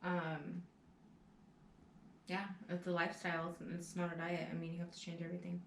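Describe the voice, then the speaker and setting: Lower-voiced woman, plain emphatic chat. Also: monotone, a little fast, creaky, echoey room, a little hiss or hum. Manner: plain and emphatic, repeats her points. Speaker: vlog co-host. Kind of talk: casual chat.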